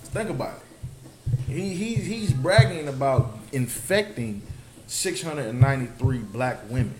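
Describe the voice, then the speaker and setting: A man with a medium-pitched, darkish voice speaks in an animated but slightly slow way. He is leading a scripture study, preaching emphatically to a group and often asking whether his listeners understand. The recording sounds roomy and noisy.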